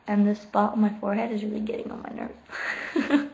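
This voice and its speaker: A woman's voice: medium pitch, flat delivery, normal speed, creaky, darkish tone. Giggly woman chatting on a late-night livestream. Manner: chatty and giggly, reads questions aloud before answering. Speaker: livestreamer answering viewer chat. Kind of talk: casual late-night live chat. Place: at home, sitting on the floor. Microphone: laptop microphone.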